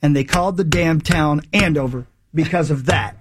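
This fortysomething morning radio host has a somewhat high voice and talks at normal speed, with slight background noise. His casual chat is a rambling, emphatic story sprinkled with self-deprecating asides.

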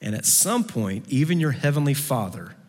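A man preaching a sermon who acts out quoted voices and moves between soft, low passages and lively, raised ones. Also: normal speed. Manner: acts out quoted voices with big pitch swings. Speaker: pastor. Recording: long hall reverb.

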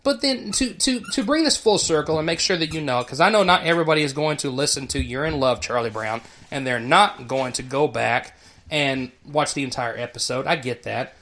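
A man's voice: fairly high pitch, fairly quick, a bit bright. Man talking like a teacher. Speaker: educator. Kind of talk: casual commentary.

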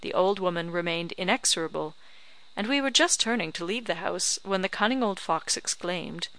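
Woman audiobook narrator, even, bright, dry close mic. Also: on the low side, normal speed, dry recording, poor audio. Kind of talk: reading a memoir aloud.

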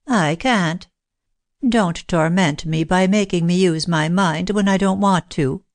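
A childlike old lady speaks with a light, lilting air, a touch higher than a deep-voiced reader's own tone, as a woman narrator puts her on. It is a dry, close storybook reading. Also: slow, no room sound. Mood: airy, playful. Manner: lilting, airy. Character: elderly woman, childlike, playful and tender.

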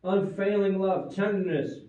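A preacher with a high voice delivers an emphatic sermon, repeating his key words and dropping to near-quiet asides. He sounds far from the microphone in a very echoey room, and the recording is dull and muffled. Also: measured pace.

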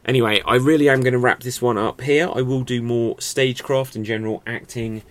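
A man's voice: mid-range voice, steady tone, a little fast. A man giving a casual spoken lesson on acting and stagecraft, thinking aloud with many rhetorical questions and fillers. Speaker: acting and improv teacher.

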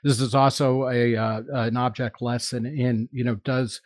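A man's voice: mid-range voice, level tone, measured pace, no room sound, studio quality. A man co-hosting a casual podcast roundtable, talking in rambling, opinionated runs full of fillers and restarts. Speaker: podcast co-host, magazine editor.

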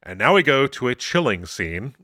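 Animated man recapping an episode. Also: medium pitch, dry recording, clean studio sound. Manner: animated, acts out characters' lines in quick retelling. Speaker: podcast co-host. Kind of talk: casual recap chat.

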